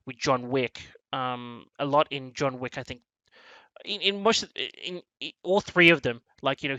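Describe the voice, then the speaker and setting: A man hosting a casual film discussion, rambling and animated, with many restarts as he acts out lines from scenes. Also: medium pitch, no echo, rough recording. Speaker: movie review podcast host.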